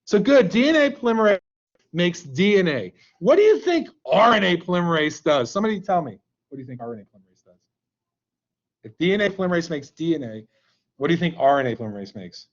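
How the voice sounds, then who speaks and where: A man's voice: on the high side, sing-song, quick pace, muffled recording. A male teacher leading a live online class in a playful, joking way, coaxing students to answer, over a computer mic on a video call.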